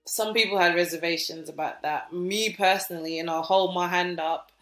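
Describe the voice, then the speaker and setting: A woman with a British accent co-hosting a podcast, telling stories in a chatty, animated way with lots of fillers. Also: lowish voice, moderate pace, reverberant, soft background music. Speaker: podcast co-host. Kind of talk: casual podcast chat.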